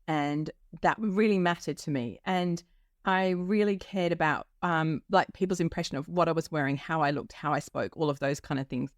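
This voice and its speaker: A woman's voice: sits low, moderate pace, no echo, studio quality. A woman in her fifties hosting a solo podcast, talking candidly and chattily with many fillers. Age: 50s. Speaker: podcast host. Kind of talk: personal solo podcast reflection.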